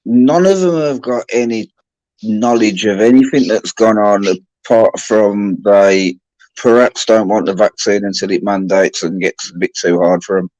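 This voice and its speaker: A man hosting a livestream chat, rambling and halting with restarts. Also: lowish voice, a little mellow, no echo, muffled recording. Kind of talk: casual chat.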